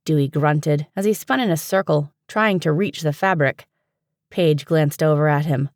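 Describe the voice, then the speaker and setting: A woman narrating a fantasy audiobook in a steady, even storytelling manner, recorded on a close studio mic. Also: low-pitched, moderate pace, dry recording. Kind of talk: scripted narration.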